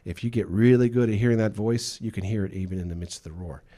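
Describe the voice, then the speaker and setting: Low, mellow-voiced male pastor preaching. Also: fast. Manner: emphatic, acts out quotes. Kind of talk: sermon. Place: church.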